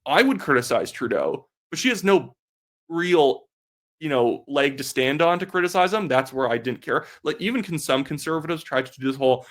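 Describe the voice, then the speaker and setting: A man's voice: fairly high pitch, animated. A young man from Canada giving casual political commentary, blunt and sarcastic, with lots of "like" fillers. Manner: fast talk with many filler "like"s.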